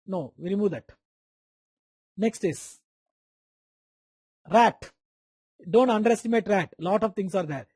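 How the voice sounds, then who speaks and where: A man's voice: high voice, measured pace, pauses often, a little mellow, breathy edge, no room sound. A man with an Indian English accent giving a live online medical lecture, repeating key terms, quizzing students by name and making playful sound effects.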